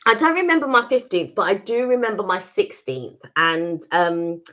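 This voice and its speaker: A woman co-hosts a casual live stream, telling a personal story with animated quoted speech. Her voice is bright and crisp, at a middle pitch, heard through dull lo-fi stream audio. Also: normal speed. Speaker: vlog co-host.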